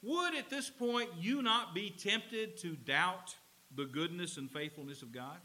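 A man preaching from the pulpit, his voice high, bright and ringing. He speaks slowly and deliberately, with big swings in pitch, and acts out the scenes he describes. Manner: expressive, emphatic, dramatizes scenes. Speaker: pastor. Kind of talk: sermon. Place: church with a slide screen.

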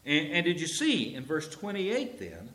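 A male pastor preaching a sermon, telling a Bible story with lively acted-out quotes. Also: a little high, measured pace. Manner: animated storytelling, acts out quoted characters. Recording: roomy echo.

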